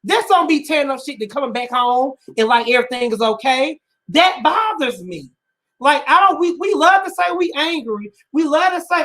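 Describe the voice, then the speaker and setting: A man's voice: very high-pitched, expressive, normal speed, sharp tone. A man co-hosting a talk show, speaking with raw emotion and close to tears, repeating himself as he builds to urgent pleas. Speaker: podcast co-host. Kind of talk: impassioned panel commentary.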